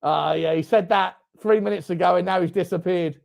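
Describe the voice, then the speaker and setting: A young man hosting a live football watchalong, reacting loudly, swearing and shouting at the game. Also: high-pitched, moderate pace, creaky, few pauses. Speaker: fan channel host. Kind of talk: live match watchalong commentary.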